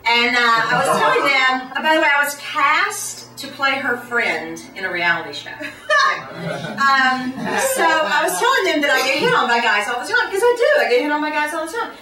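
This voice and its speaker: A woman's voice: high voice, animated, over a noisy crowd. Sardonic Southern woman doing stand-up. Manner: sardonic, quick punchlines with mocking put-on quotes. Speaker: stand-up comedian. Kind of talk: stand-up set. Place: comedy club stage. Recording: roomy club sound from far off. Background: audience laughter.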